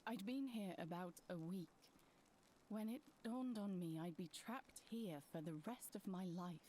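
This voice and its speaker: An actress playing a weary young woman recovering from poisoning, speaking slowly and reluctantly in video game dialogue. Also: medium pitch, mellow, slight background noise, lightly acted. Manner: slow, tired, reluctant.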